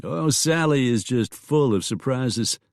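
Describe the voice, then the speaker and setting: A man's voice: medium pitch, lively intonation, measured pace, darkish tone, dry recording, clean studio sound, voice pushed up. A man voicing an easygoing gunfighter and husband in a Western audiobook.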